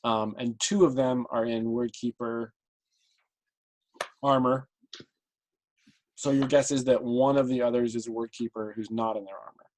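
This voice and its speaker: Chill guy running a tabletop game, lots of ums, average pitch. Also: moderate pace, long pauses. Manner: relaxed, many ums, describes the scene. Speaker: game master.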